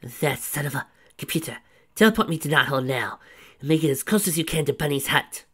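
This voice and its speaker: A man reading a fan story aloud, voicing a teasing young woman in a soft, breathy whisper. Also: mid-range voice, fairly even intonation, normal speed, pitched above the performer's own voice. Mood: urgent. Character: young adult female, affectionate, teasing.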